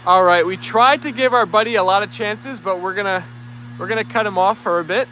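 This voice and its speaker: A man's voice: sits high, fairly quick, pushed and bright, a little hiss or hum. A man hosting a dog livestream outdoors, reading viewer comments aloud in an upbeat, easygoing way. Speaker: livestream host. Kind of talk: live chat reading.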